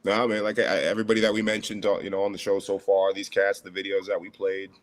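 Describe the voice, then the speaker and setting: Low-voiced laid-back male podcast guest. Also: level tone, quick pace. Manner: laid-back, slangy street talk. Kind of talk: casual podcast chat.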